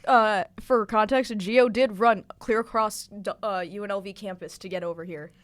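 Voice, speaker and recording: A woman's voice: mid-range voice, fairly even intonation, moderate pace. A young woman co-hosting a casual podcast, giggling often as she eagerly retells comedy scenes. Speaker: co-host.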